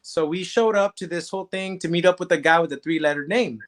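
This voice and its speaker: A man telling a story as a show guest in animated, slangy casual talk. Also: on the high side, fast talker. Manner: animated, slangy, says "bro".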